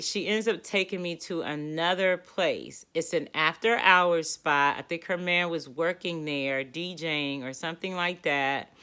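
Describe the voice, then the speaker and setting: A woman from the Washington DC area telling a personal story in a casual, animated, exasperated way. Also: lowish voice, smooth.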